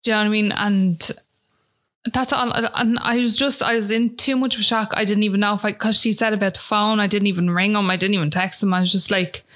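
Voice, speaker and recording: A woman's voice: medium pitch, fairly even intonation, quick pace, a bit bright. An Irish woman speaking as a guest, telling a personal story in a chatty, casual way that is full of fillers. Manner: chatty, fills talk with "like" and "do you know what I mean".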